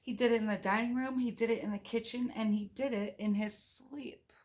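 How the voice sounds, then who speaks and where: A woman's voice: fairly high pitch, fairly even intonation, a little fast, a little mellow, a little hiss or hum. A woman reading a picture book aloud to her children, playful and giggly, breaking off for chatty asides and animal noises.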